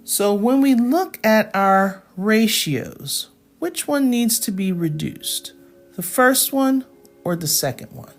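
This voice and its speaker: Slow, patient woman teaching math. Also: medium pitch, animated, faint music behind. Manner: slow, patient step-by-step explaining with check-ins. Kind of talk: live classroom math lesson.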